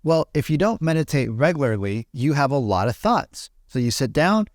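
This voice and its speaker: A man guest on a podcast explaining meditation in a motivational way, animated and repetitive, often asking "right?" and jumping up in pitch to act out inner voices. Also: moderate pace, no echo, clean studio sound. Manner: animated, repeats phrases, keeps asking "right?"; acts out inner voices with high pitch jumps.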